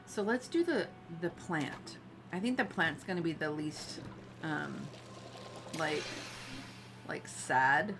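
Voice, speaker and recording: A woman gives casual gameplay commentary as a streamer, chatty and given to giggling while she thinks aloud. Her voice sits low for a woman but swings widely and expressively in pitch. A faint hum of ambience lies underneath. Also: lively intonation, takes it slowly, long pauses. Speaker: game streamer.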